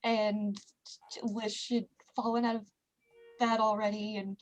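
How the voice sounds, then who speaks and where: Slow-talking, amused woman player. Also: mid-range voice, little pitch movement, faint music behind. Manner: slow, amused, laughs between lines. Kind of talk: tabletop role-play chat.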